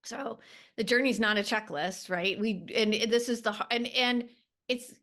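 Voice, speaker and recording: Woman, podcast coach, calm, reassuring, thinking aloud, many fillers. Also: a little high, measured pace. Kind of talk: gentle coaching talk.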